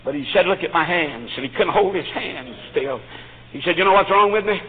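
A man's voice: on the high side, expressive, brisk, phone-quality sound, a little hiss or hum. A man preaching a fervent sermon, punctuating his phrases with "uh". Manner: fervent, with frequent "uh" between phrases.

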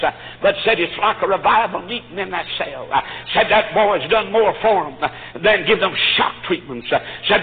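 Fervent high-voiced preacher. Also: male voice, phone-quality sound. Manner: fervent, with frequent "uh" between phrases. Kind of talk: sermon.

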